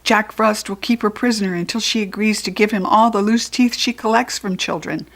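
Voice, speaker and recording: A woman's voice: mid-range voice, fairly quick, lightly acted. American woman reading a grabby storybook goblin, sneering and rude. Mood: defiant. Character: sneering greedy male goblin thief.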